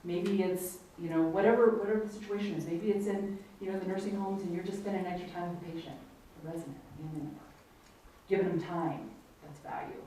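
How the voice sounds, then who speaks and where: A woman's voice: on the low side, fast, dark tone. A woman leading a team training session, encouraging the group with loosely phrased questions. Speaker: workshop facilitator. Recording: echoey room, distant mic, faint noise.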